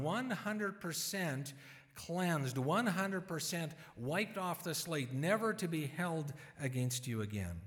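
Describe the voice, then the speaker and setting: A man preaching a sermon, retelling scripture in lively everyday words and voicing its people. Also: on the high side, big-room sound.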